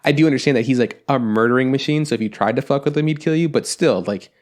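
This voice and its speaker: A man with a medium-pitched voice talks fast as he co-hosts a casual anime review podcast. He rambles, packs his speech with fillers, and acts out the quotes he mentions.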